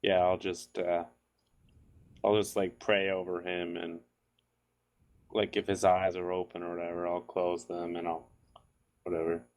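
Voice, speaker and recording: Man, tabletop player, very deep voice, flat, rambling, unsure. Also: a little slow, pauses often. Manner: rambling and unsure, talking through his actions. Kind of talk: casual table talk.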